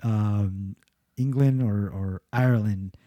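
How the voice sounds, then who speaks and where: A man's voice: on the low side, slow, mellow, dry recording. A man co-hosting a casual sports podcast, rambling with restarts, swearing and laughing as he talks. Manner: rambling, profane, laughs at own jokes. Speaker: podcast co-host. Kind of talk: casual chat.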